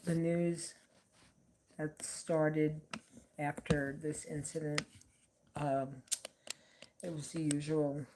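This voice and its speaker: A middle-aged woman with a fairly low voice talks slowly and unhurriedly as a vlogger. She rambles through her commentary with a sarcastic edge, circling back with fillers and side remarks. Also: little pitch movement, background noise. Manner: sarcastic, meandering, many fillers.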